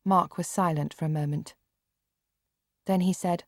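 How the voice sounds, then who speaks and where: A woman reading a children's novel aloud in measured storytelling narration. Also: fairly low pitch, steady tone, dry recording, studio quality. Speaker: audiobook narrator. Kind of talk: scripted narration.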